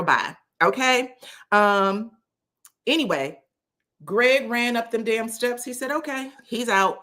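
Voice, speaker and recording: A woman's voice: mid-range voice, fairly bright tone. A woman recapping a reality show in casual talk, sassy and emphatic, swearing freely and acting out what the cast said. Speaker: reality TV commentator.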